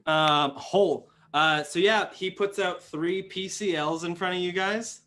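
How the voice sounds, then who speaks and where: Young male game master, a bit high-pitched, rambling filler-heavy narration. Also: measured pace, pushed and bright. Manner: rambling, many fillers and restarts.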